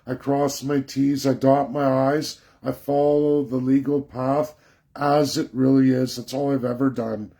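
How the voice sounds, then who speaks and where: A man's voice: mid-range voice, little pitch movement, a little slow, warm tone. A man hosting a live political stream, talking in an insistent, repetitive, preachy way.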